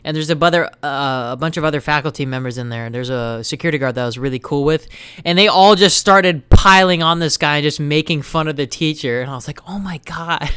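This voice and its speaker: A man's voice: on the high side, fast talker, clear, resonant tone, dry recording. Chatty young man telling a story. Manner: animated storyteller acting out quotes, loose and profane. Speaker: podcast host. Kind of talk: casual storytelling chat.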